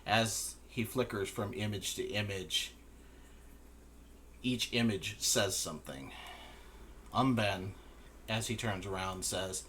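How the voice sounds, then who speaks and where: A man narrating a tabletop game as game master in a slow, measured way. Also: on the low side, pushed and bright, a little hiss or hum.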